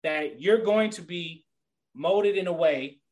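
Animated, earnest man telling stories. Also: sits high, slow pace, low-quality recording. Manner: animated storyteller; earnest, motivational. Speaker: guest. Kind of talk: casual podcast chat.

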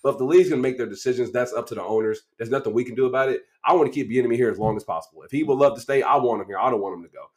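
Fast-talking, animated podcast co-host man. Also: medium pitch. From Kansas City, USA. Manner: animated, emotional, quick run-on talk. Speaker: co-host, draft analyst. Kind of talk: casual sports podcast chat.

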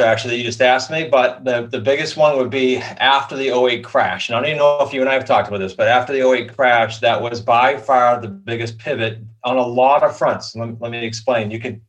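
A man's voice: mid-range voice, a bit bright, low-quality recording. A man, answering interview questions in a reflective, conversational way. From Boston area. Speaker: podcast guest.

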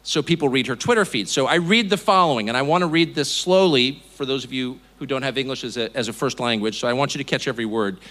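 A man's voice: medium pitch, fast, hardly any pauses, fairly bright tone. A middle-aged American man, a television host, giving a public speech to a live audience with sardonic, mocking asides and an emphatic delivery. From United States. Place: event hall before an audience.

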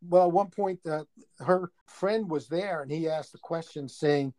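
A man's voice: a little high, a little slow, dark tone. Older New York man telling stories. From Brooklyn, New York. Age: 60s. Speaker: guest surgeon. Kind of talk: casual interview chat.

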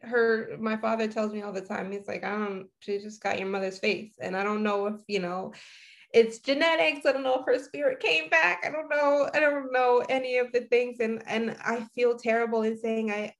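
Woman in her 30s, kinda high voice, telling a personal story, thoughtful, keeps stopping and restarting. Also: steady tone, vocal fry. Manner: reflective, halting, with frequent restarts.

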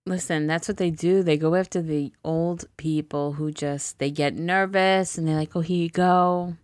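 A woman co-hosting a casual podcast, reacting to stories with animated comments and frequent laughter. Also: low-pitched, moderate pace, dry recording, studio quality. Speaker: podcast co-host.

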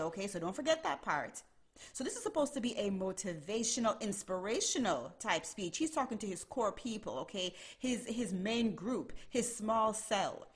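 A woman's voice: mid-range voice, animated, moderate pace. A woman host explaining a Bible passage in a conversational teaching tone, checking in with her listeners. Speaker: podcast host.

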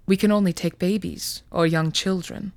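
A woman voicing a calm persuasive fairy prince. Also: fairly low pitch, normal speed, dry recording, close to an everyday voice. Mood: firm. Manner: calm, reasoning, gently persuasive. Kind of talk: storytelling podcast reading.

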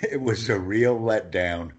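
A man teaching English phrases in a lesson, reading each phrase slowly and with emphasis for his student to repeat. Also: fairly low pitch. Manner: slow and emphatic, phrases stressed one by one.

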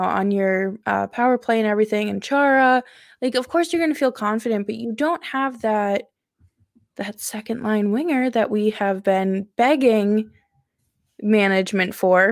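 Eager young woman, higher dry voice. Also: no echo. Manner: eager, quick agreeing interjections. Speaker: podcast co-host. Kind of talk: casual sports chat.

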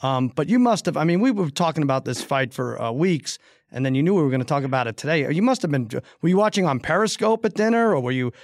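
A man's voice: on the high side, lively intonation, fast, no echo, studio quality. A man hosting a casual sports betting podcast, teasing his co-hosts and laughing often. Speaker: podcast host.

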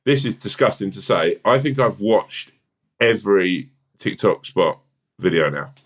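A man's voice: lowish voice, animated, measured pace. A man co-hosting a podcast in casual chat, rambling and swearing often with lots of restarts. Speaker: podcast co-host.

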